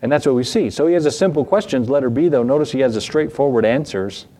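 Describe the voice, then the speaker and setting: A man's voice: quick pace, dark tone. Emphatic man preaching a sermon. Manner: emphatic, rhetorical questions with rising pitch; repeats phrases for stress. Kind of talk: evening church sermon.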